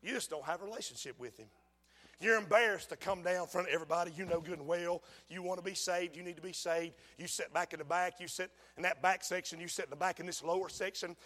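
Preacher, male, very high forceful voice, fiery sermon from hushed to shouted, long church reverb. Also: quick pace. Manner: emphatic, swings from hushed pleading to shouting. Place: large church sanctuary.

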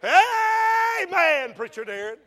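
A man preaching a fiery sermon in a large church, swinging from hushed pleading to shouting. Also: very high-pitched, big pitch swings, slow. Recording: long church hall reverb.

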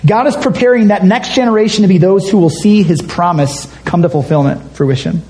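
A man's voice: high voice, a little fast, warm tone, low-quality recording. A man preaching a conversational, emphatic sermon as a pastor, reading scripture aloud and acting out quotes.

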